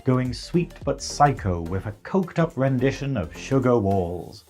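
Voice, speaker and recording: A man's voice: medium pitch, big pitch swings, measured pace, over loud music. A man with a northern English accent giving a chatty, wry scripted recap of a drag competition. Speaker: show reviewer. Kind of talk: scripted narration.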